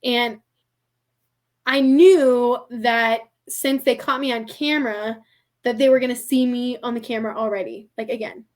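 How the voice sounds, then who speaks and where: A young American woman with a high voice tells a story on a podcast. She is chatty and casual and fills her speech with "like". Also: fairly even intonation, normal speed, darkish tone. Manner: chatty, heavy use of "like", laughs often. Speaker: podcast guest.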